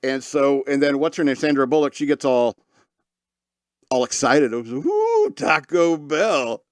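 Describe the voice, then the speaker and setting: A man's voice: medium pitch, steady tone, moderate pace, clear, resonant tone, no room sound, clean studio sound. A man hosting a podcast, talking casually and rambling through his opinions with frequent restarts and chuckles. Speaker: podcast host.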